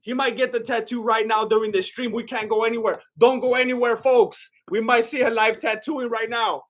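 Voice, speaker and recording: A man's voice: very high voice, fairly even intonation, fairly quick, a bit bright. A man doing live-stream reaction commentary, reading chat aloud and talking straight to his viewers with many restarts. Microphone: laptop setup.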